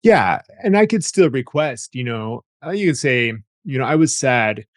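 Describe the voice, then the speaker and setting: A man's voice: medium pitch, sing-song, moderate pace, no room sound, clean studio sound. A man speaking as a therapist guest in an interview, thoughtful and explanatory, often repeating words as he thinks. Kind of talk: interview conversation.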